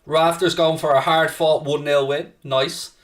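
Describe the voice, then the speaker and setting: A man's voice: a little high, fairly even intonation, measured pace, a bit bright, recorded from a distance. A man hosting a casual live football watchalong, chatting to viewers, reading out their messages and swearing freely when worked up. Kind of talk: casual live-stream chat.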